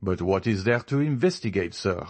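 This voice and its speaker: A man's voice: sits low, lively intonation, moderate pace, a little mellow. A man voicing a proud young nobleman in an audiobook, demanding and insistent, his anger held in. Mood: angry. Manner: insistent, demanding, stifled rage. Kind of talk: audiobook character reading.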